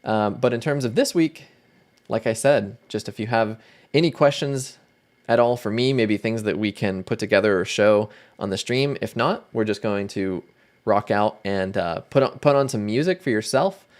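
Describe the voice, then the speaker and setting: A man hosting a casual livestream, chatting in a relaxed way and greeting viewers by name. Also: on the low side, normal speed. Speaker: livestream host.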